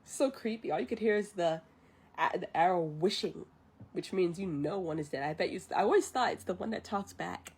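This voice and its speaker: A woman streamer retelling a film from memory on a livestream, chatty, giggly and self-conscious, with a husky voice. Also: mid-range voice, animated, a little fast, a little mellow.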